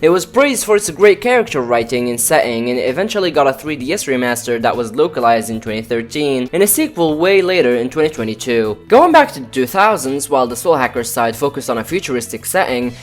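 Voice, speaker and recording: Casual excited game review voiceover, pitch jumps around a lot, light music underneath. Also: quick pace, hardly any pauses. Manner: enthusiastic and casual, with fan slang. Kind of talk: scripted review narration. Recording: voice-over with faint music behind.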